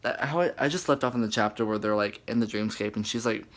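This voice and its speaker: A man's voice: lowish voice, fast. A young man chatting dramatically about a book in a casual reading vlog, full of fillers. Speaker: book vlogger.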